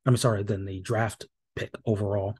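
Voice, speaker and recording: A man hosts a solo podcast recap, his voice dark and mellow. He talks loosely, with plenty of ums and restarts, and drops dry, wry remarks as he goes. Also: on the low side, flat delivery, normal speed, breathy edge. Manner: casual and rambling, many fillers and restarts. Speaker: podcast host.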